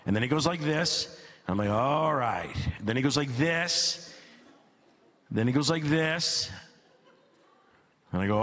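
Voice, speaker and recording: A man's voice: moderate pace, long pauses. A middle-aged man doing stand-up comedy on stage, telling a long story with repeated phrases and mounting exasperation. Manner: animated storyteller, repeats phrases for comic effect, climbs high when exasperated. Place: comedy stage before a live audience.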